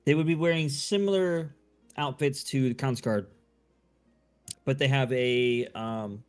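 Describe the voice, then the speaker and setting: A man's voice: mid-range voice, a little slow, clean tone, faint music behind. A man running a tabletop game as game master, narrating loosely with many fillers and restarts.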